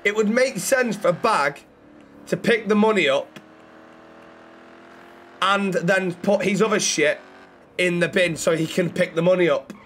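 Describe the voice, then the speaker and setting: A man streaming a role-play game, swearing constantly and rattling off quick thanks to viewers. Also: high-pitched, fairly bright tone, a little hiss or hum. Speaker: livestreamer. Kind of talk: live gameplay commentary and role-play.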